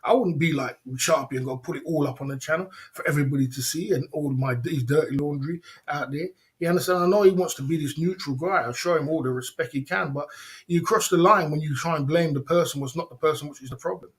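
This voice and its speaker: A man's voice: on the high side, quick pace. A man hosting a livestream, ranting indignantly in slangy, repetitive casual talk with frequent laughs. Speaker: livestream host.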